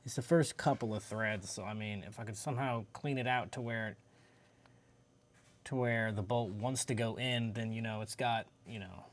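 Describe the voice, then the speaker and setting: A man's voice: lowish voice, fairly even intonation, normal speed. A man talking casually and profanely while working on his car, often trailing off and restarting his sentences. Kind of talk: casual garage vlog.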